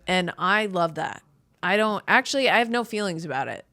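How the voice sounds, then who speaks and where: A woman's voice: fairly low pitch, animated, fairly quick, bright, forceful tone, no echo. A woman in her thirties hosting a podcast, telling a rambling, self-deprecating comedic story full of "like" and restarts. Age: 30s. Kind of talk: casual comedic monologue.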